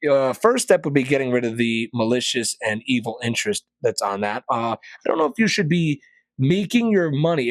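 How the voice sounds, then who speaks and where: A man hosting a podcast, ranting sarcastically in a casual monologue and jumping to loud, high peaks. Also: no room sound. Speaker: podcast host.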